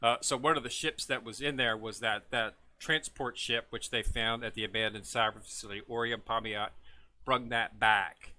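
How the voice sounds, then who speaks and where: A man with a bright, forward voice walks viewers through a game's new event in a casual, unscripted way. He rambles and fills pauses with lots of "uh" and "um," tripping over hard names. His pitch sits right in the middle for a man. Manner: relaxed, rambling, lots of filler words; stumbles over foreign names. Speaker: gaming video host. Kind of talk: casual game walkthrough.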